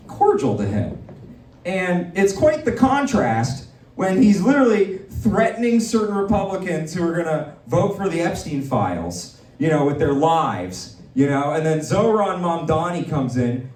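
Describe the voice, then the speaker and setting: A man hosting a live political comedy show, talking in a rambling, excitable way with lots of fillers. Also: a little high, a little slow. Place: comedy venue in a dispensary. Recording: echoey room, mic far off.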